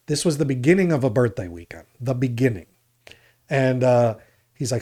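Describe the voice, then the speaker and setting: Guy from Jersey, podcast co-host, rambling casual storyteller, middle-pitched voice. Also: brisk, warm tone. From New Jersey, USA. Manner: rambling storyteller, acts out other people's lines.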